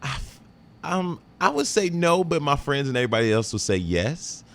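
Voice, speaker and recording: A man's voice: a little high, big pitch swings, normal speed, creaky, fairly bright tone. A man being interviewed, easygoing and laughing often, sometimes repeating words as he talks. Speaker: Broadway actor guest. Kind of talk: casual interview chat.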